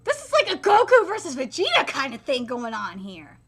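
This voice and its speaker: A woman streamer reading a manga aloud and reacting live, excitable, exclaiming and swearing. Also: high-pitched, a little fast.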